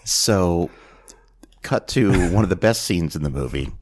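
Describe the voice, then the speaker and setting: A man with a fairly low voice hosts a casual podcast chat. He retells a film's scenes in an animated way, full of fillers and casual swearing. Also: a little slow. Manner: animated storyteller, swears freely, many fillers. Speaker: podcast host. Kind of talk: casual chat recapping a film.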